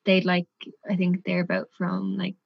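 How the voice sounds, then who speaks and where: Woman in her twenties, chatty storyteller, slightly low voice, dry close sound. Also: monotone, moderate pace, creaky, breathy edge, dry recording, lo-fi sound. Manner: chatty, sweary, lots of "like". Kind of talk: casual storytelling chat.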